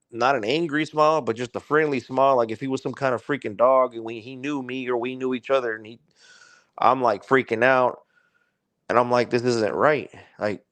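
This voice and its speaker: A man's voice: mid-range voice, clean tone, no room sound. A man guest on a podcast, telling a story in a casual, rambling way, full of swearing and "like". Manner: rambling, profane, heavy use of "like".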